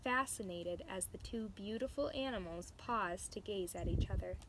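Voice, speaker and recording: A woman reading a storybook aloud to children, pausing to explain words. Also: mid-range voice, background noise. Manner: slow, explaining words to young listeners. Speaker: storybook reader.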